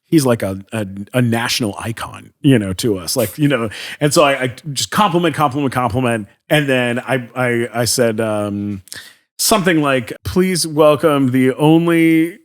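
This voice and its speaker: A man's voice: mid-range voice, moderate pace. A man from Canada telling a story casually as a podcast guest, acting out quotes and using many fillers.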